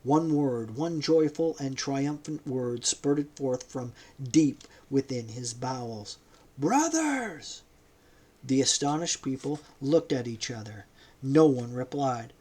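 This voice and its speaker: Slow, measured male audiobook narrator. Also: mid-range voice, steady tone, dark tone. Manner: measured, unhurried storytelling. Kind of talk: audiobook reading.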